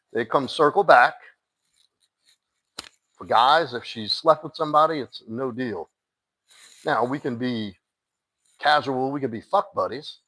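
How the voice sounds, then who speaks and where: A man's voice: medium pitch, fairly bright tone, poor audio. A man giving blunt dating advice on a live stream, talking straight to one listener and cursing casually. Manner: blunt, direct, curses casually; addresses a listener by name, firm and insistent. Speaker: dating coach.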